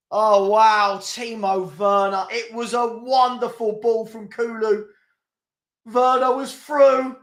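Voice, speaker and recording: A man hosting a live football watchalong, commentating excitably and exasperatedly and often laughing. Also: high voice, creaky. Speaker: fan channel host.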